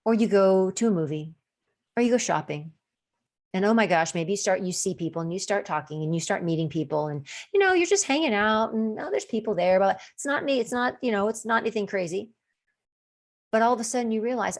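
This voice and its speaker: A woman's voice: medium pitch, brisk. A woman hosting a solo podcast as a coach, talking casually with many restarts and acting out quoted thoughts. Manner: chatty, acts out quoted inner voices with restarts.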